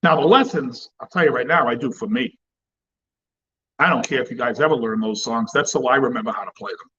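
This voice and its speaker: A man's voice: medium pitch, quick pace, sharp tone, muffled recording. A man hosting a cigar channel, chatting casually and bluntly with plenty of swearing. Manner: blunt and profane. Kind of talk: casual livestream chat.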